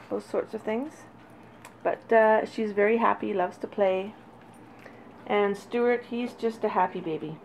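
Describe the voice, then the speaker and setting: Filming her puppies indoors near their crate on a handheld camera, a dog breeder talks casually and fondly, now and then calling to them in a high sing-song. Her voice has a darkish tone, and the audio is dull and lo-fi with faint noise.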